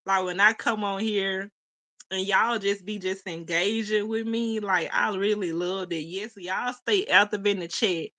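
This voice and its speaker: Young woman on a phone livestream, aave, laughy and chatty w her chat, crisp bright tone. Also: medium pitch. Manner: chatty, laughs often, talks to chat as y'all. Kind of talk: casual livestream chat, reading comments.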